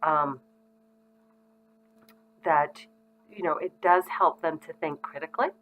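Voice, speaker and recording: Middle-aged woman, low pitch, casual parenting educator, relaxed and conversational. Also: takes it slowly, soft background music, rough recording. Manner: frequent ums, conversational and reassuring. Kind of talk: casual instructional talk to parents.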